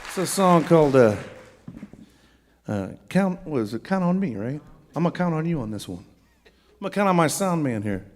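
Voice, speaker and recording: A man's voice: on the high side, very animated, normal speed. A man leading a band on stage, introducing his players with jokes and showman patter to a live audience. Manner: joking showman, hypes the crowd. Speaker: bandleader. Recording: live concert recording with crowd and band.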